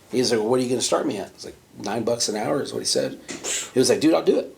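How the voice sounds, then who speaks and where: A man's voice: mid-range voice, rapid-fire, gravelly, a little hiss or hum. A man hosting a podcast, telling a profane workplace story in casual chat and acting out the quoted voices. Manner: animated storyteller, acts out quotes in raised voice; casual, profane, many fillers like "right?" and "you know". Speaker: podcast host.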